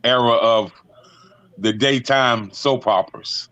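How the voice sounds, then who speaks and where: A man's voice: mid-range voice, slow pace, muffled recording, background noise. A man co-hosting a casual talk show, playfully asking the others questions. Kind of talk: casual chat.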